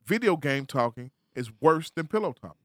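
A man's voice: a little high, animated, a little fast, a bit bright, dry recording, studio quality. A man co-hosting casual banter, playfully arguing and lecturing his point. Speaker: co-host.

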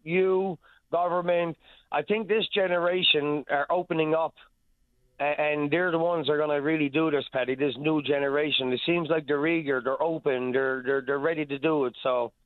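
Man, radio caller, from Newfoundland, earnest, halting, tinny phone line. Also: fairly high pitch, fairly even intonation. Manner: earnest, halting, repeats himself. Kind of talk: phone-in call.

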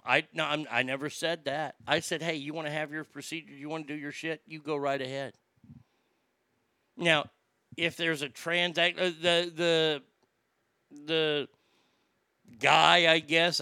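A man's voice: fairly high pitch, gravelly, pushed and bright, smooth, dry recording. A male comedian doing stand-up, with a profane, rambling ranting delivery.

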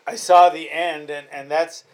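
This man talks casually about fights as a podcast host. His voice sits a touch high for a man, and he rambles and restarts his sentences a lot. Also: little pitch movement, a little slow.

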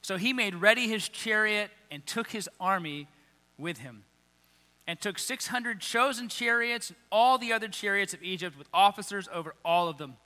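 A man's voice: high voice, lively intonation, moderate pace, pushed and bright, big-room sound. A man preaching a sermon, reading scripture aloud and breaking into casual, emphatic paraphrase.

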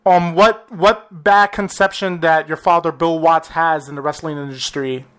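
A male podcast host working through his interview questions, hesitating and filling gaps with "um." His voice sits somewhat high for a man. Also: fairly even intonation, moderate pace, fairly bright tone. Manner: hesitant, filler-heavy questions.

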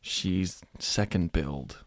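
A man's voice: low voice, very slow, no echo, studio quality. A man co-hosting a comedy podcast, trading provocative jokes in casual banter. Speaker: podcast co-host.

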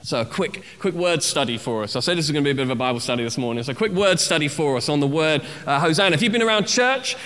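Bright-voiced preacher with slow, hall-echoing delivery. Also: male voice, fairly high pitch, expressive. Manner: teaching, with acted-out cries and repeated phrases. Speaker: pastor. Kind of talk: sermon.

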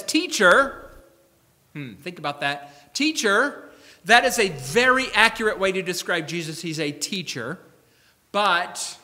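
A man's voice: sits high, bright, forceful tone. A male pastor preaching a sermon in a church, emphatic and acting out the people he quotes. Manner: emphatic, acts out quoted speakers. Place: church sanctuary. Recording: echoey church hall.

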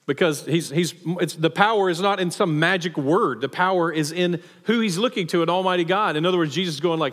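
A male pastor with a fairly high voice gives a conversational, animated sermon. His words ring out with the long reverb of a church hall. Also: fairly quick, few pauses.

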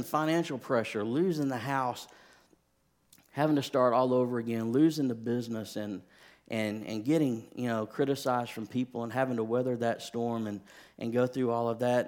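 A man in his thirties, a pastor, telling a personal story in a sermon, shifting from hushed, quiet stretches to rising, impassioned preaching. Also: medium pitch, normal speed.

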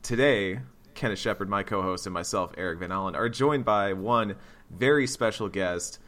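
Male podcast host, low voice, congested, casual and relaxed. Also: moderate pace. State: congested from a cold.

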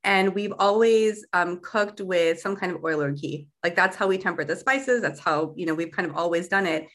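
A young adult woman, a food company founder, chatting as a guest in a casual interview and often filling pauses with um and like. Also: fairly low pitch, a bit bright. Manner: chatty, many fillers like um and like.

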